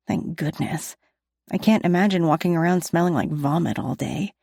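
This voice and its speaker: A woman narrating a first-person audiobook in a steady, even storytelling manner on a close studio mic. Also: deep voice, moderate pace, creaky, dry recording.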